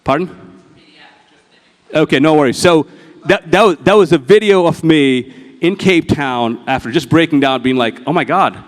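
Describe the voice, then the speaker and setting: A man's voice: on the high side, moderate pace. A man giving a motivational keynote on stage, telling a personal story, acting out dialogue and swearing freely. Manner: profane, storytelling, acts out dialogue. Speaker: motivational speaker. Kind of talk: live keynote talk with slides. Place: large event hall. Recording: long hall reverb.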